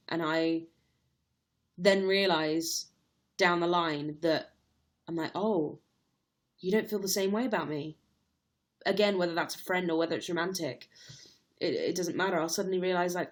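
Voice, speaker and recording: Young woman, casual chatty livestream host, slightly low voice, laughs easily. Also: measured pace, pauses often. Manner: chatty, laughs readily, reads out viewer comments.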